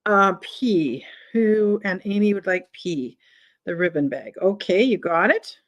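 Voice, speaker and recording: A middle-aged woman hosts a live online vintage sale, talking at a slow, unhurried pace. She chats with her viewers as she calls out prices and lot numbers one after another. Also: mid-range voice, animated, dull audio. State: has the hiccups.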